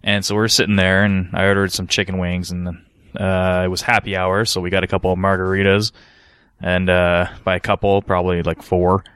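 Low smooth-voiced man telling a story. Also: flat delivery, a little fast, fairly bright tone, dry recording, studio quality. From Canada. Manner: rambling, swears freely, laughs mid-story. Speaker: podcast co-host. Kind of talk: casual storytelling chat.

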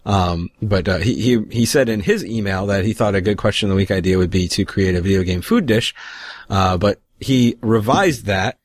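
A man hosting a casual podcast, laid-back and quick to laugh. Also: lowish voice, no room sound, clean studio sound. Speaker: podcast host.

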